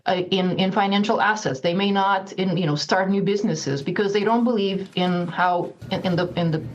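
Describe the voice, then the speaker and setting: A woman's voice: mid-range voice, normal speed, muffled recording. A woman who teaches finance, speaking thoughtfully in an interview, hesitating and restarting as she explains. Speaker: finance professor. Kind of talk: interview soundbite.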